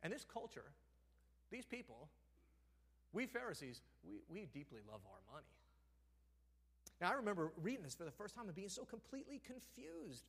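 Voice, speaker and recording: A man preaching from the pulpit in a church, his voice pitched high and swinging widely as he tells the story. He acts out the characters' lines, then sinks to a hushed, almost whispered tone for effect. The sound rings with a long church reverb. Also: sing-song, moderate pace, long pauses, breathy edge. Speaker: pastor. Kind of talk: sermon. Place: church sanctuary.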